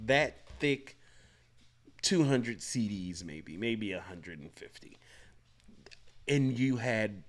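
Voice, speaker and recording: Man, 30s, casual reaction commentary, chatty, slow delivery, animated pitch. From Georgia, US. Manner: laughing, chatty asides. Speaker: reaction video host.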